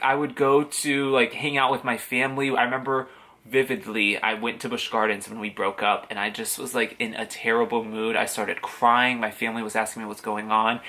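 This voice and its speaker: Bright-voiced man telling a personal story. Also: mid-range voice. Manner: candid, emotional, swears casually. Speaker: vlogger.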